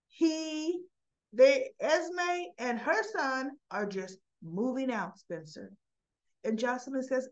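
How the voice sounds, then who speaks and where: A woman with a fairly high voice talks slowly and chattily as she recaps a soap episode. She jumps higher to play out the quoted lines. The recording is dull and lo-fi. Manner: chatty, acts out quotes with rising pitch. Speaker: soap opera recap vlogger. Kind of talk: casual retelling of a soap episode.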